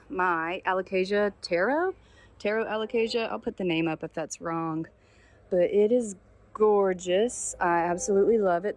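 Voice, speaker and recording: This plant channel host has a slightly mellow, mid-pitched voice as she leads a relaxed houseplant tour outside in the sunshine. Chatty and effusive, she raves about her plants, teases herself over her blunders and uses casual fillers.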